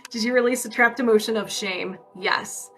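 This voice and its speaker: A woman's voice: a little high, moderate pace, a bit bright, faint music behind. A woman energy healer on a casual livestream, chatty and upbeat, asking and answering her own yes-no questions. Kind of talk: casual livestream healing session.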